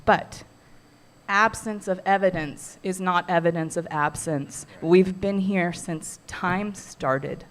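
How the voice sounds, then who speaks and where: Addressing a community workshop, a middle-aged woman who weaves baskets speaks in a heartfelt, earnest way with soft laughs. She takes it slowly, her pitch fairly low.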